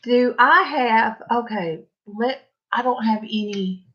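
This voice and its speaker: A woman's voice: a little high, slow. Middle-aged southern lady rambling along while painting, easy chatty asides, kinda dull lo-fi sound. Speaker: painting livestream host. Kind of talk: casual chat while painting.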